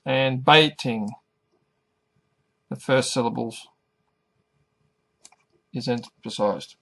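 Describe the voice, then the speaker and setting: A middle-aged man teaching an English lesson, pronouncing each word carefully and deliberately. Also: mid-range voice, gravelly. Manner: careful, over-articulated pronunciation. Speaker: ESL teacher.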